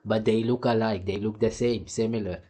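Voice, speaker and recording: A man's voice: fairly low pitch, fairly even intonation, moderate pace, mellow. Surinamese man reacting with rambling commentary. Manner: rambling, acts out dialogue in raised voices. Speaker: reaction video host. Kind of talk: casual commentary.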